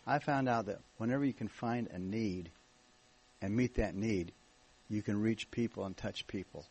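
American guy preaching at church, low husky voice, easygoing jokey storytelling. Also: normal speed, low-quality recording. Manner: jokey, relaxed storytelling with restarts. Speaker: guest minister. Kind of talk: church talk, testimony. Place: church meeting.

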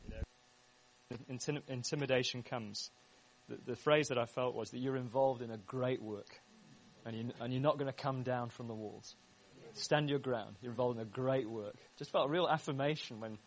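A man leading a church meeting, speaking in a halting way with many restarts as he introduces a guest. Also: mid-range voice, steady tone, low-quality recording. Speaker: church leader hosting the meeting.

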